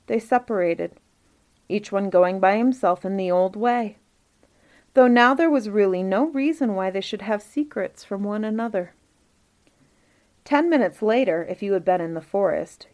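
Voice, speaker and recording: Woman gently reading a storybook. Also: medium pitch. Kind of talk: storybook narration.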